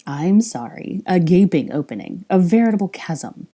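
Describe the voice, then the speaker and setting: A woman's voice: lowish voice, big pitch swings, moderate pace, warm tone. A woman doing a haughty young wizard nobleman. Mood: teasing. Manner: formal, clipped, mock-stern phrasing. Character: haughty, teasing young aristocratic wizard man.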